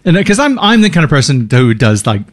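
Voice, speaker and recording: A middle-aged man telling stories in a casual chat, animated and laughing often. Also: fairly high pitch, fast talker, dry recording, clean studio sound. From outside Australia.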